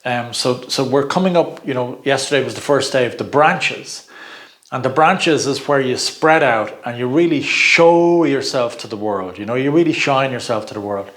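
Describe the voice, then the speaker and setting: Man, middle-aged, informal coaching talk, chatty, frequent laughs, halting repeats, mid-pitched voice. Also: a bit bright. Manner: chatty, laughs often, repeats words while searching. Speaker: personal growth coach.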